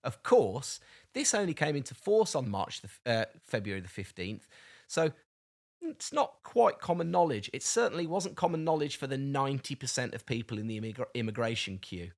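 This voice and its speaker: A young man co-hosting a podcast, chatting casually and telling a lively story about his travel day. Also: medium pitch, normal speed. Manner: chatty storyteller, animated when excited. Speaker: podcast co-host. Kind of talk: casual chat.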